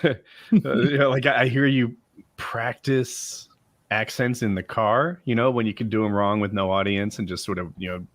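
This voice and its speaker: A man's voice: medium pitch, steady tone, normal speed, no echo. A man hosting a podcast, chatting casually with a joking, self-deprecating manner and frequent laughs. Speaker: podcast host. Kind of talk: casual chat.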